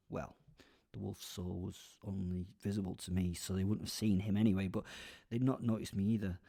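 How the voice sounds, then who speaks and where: A man's voice: on the low side, dark tone. A man narrating a darkly comic serial story, sardonic, with rambling asides and self-corrections. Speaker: narrator and lead character.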